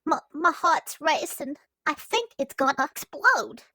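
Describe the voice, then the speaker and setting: A woman's voice: sits high, expressive, a little slow, bright, forceful tone, no room sound, exaggerated voice. A woman voicing a dazed, strung-out drug-using woman who drawls breathily.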